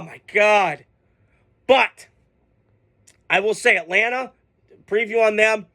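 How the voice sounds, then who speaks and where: A sports podcast host with a high, bright, gravelly-edged voice launches into a casual rant. He turns heated and profane, venting his frustration in sudden outbursts, and his tone stays sharp and forceful all the way through.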